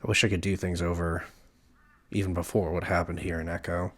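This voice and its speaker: A man's voice: deep voice, level tone, a little fast. A man reading aloud the earnest, apologetic lines of a young man in a story game.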